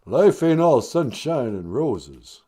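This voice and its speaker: A slurring, halting tough-guy boxer growls his way through a call, all drawl and grit, as a man puts him on. The voice swings up and down as he talks. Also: mid-range voice, sing-song, mellow, breathy edge, full character voice. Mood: gruff. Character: gravelly tough-guy boxer calling in, male, middle-aged. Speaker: caller.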